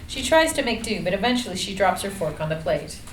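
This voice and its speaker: A woman narrating the action lines of a screenplay reading in a measured, plain way. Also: medium pitch, lively intonation. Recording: echoey room, light noise.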